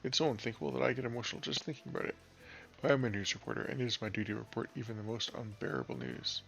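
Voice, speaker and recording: A man's voice: medium pitch, lively intonation, very fast, gravelly, a bit bright. A man doing a melodramatic TV newsreader. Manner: overwrought, theatrical. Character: melodramatic male TV news reporter.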